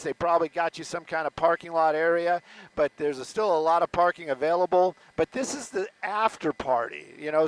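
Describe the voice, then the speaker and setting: Speaking from a news helicopter above a stadium, a man whose voice sits high rambles through live reporting, often breaking off and starting sentences over. The recording is dry and low in quality.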